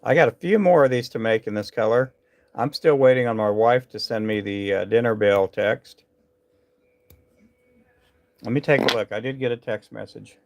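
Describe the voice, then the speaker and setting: A man with a gravelly, creaky voice talks to viewers on his live stream. He rambles from thought to thought with lots of fillers and false starts as he works at his tying bench indoors. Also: medium pitch, normal speed, long pauses, a little mellow. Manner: rambling, chatty, many fillers and restarts. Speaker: livestream host tying fishing jigs.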